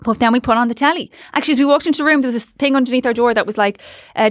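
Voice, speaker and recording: An Irish woman hosting a podcast, telling stories in quick casual chat and acting out what others said. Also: a little high, no room sound, clean studio sound. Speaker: podcast host.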